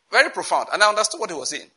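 A man's voice: high-pitched, husky, rough recording. A man teaching a sermon on prayer, emphatic, often checking that listeners get his point. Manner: reads scripture slowly and loudly. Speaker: preacher.

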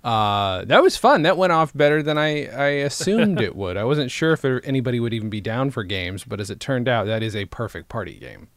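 A man's voice: mid-range voice, fairly quick, few pauses, dry recording. A man hosting a podcast, chatting casually with dry, teasing humor. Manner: dry teasing, deadpan asides. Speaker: podcast host. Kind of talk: casual comedic chat.

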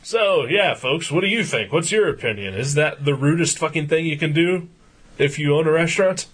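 A man co-hosting a podcast, telling a profane story in casual chat and getting loud as he retells his anger. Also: on the high side, animated, moderate pace, husky. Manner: profane ranting anecdote, gets loud when retelling anger. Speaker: podcast co-host.

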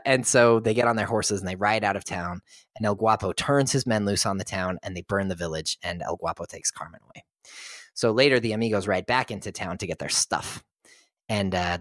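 A man's voice: on the low side, fairly bright tone, no echo, clean studio sound. A man co-hosting a podcast who casually retells a movie plot and often chuckles as he goes. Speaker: podcast co-host. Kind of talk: casual film recap.

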